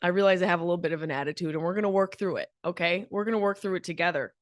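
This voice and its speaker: A woman's voice: lowish voice, racing, dry recording, clean studio sound. A woman comedian hosting her own podcast, talking in a brash, profane, fired-up comic monologue.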